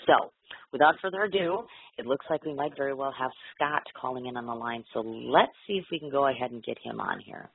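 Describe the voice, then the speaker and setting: Gushing radio host, fast and husky. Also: male voice, mid-range voice, no room sound. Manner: gushing, effusive, filler-heavy. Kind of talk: excitable radio interview chat. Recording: lo-fi phone-like radio audio.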